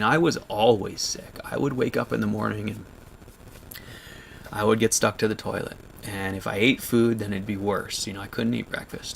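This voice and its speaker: A man in his thirties talking to viewers on a livestream, choked up and halting, with many restarts. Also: lowish voice, vocal fry, a bit bright, a little hiss or hum. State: choked up, near tears. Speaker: vlogger on a livestream. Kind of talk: emotional livestream chat.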